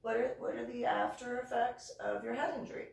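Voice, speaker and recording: A woman voicing a stern, angry male army brigade commander who questions in a gruff, stammering way. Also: extremely high pitch, steady tone, fairly quick, reverberant, far from the mic, exaggerated voice.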